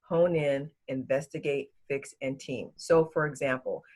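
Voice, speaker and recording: A woman's voice: a bass voice, steady tone, a little slow, darkish tone. A woman executive coach being interviewed, giving advice emphatically and repeating words for stress.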